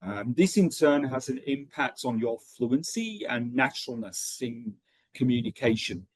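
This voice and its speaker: A man running an online teacher training session, talking in a steady rhythm with frequent ums and okays. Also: medium pitch, unhurried, slightly rough, dry recording, poor audio.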